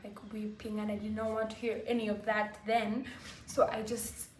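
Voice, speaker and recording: A woman vlogger telling a personal story to camera, halting and full of fillers like "like" and "you know". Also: medium pitch, flat delivery, a little mellow. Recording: roomy echo, faint background hiss.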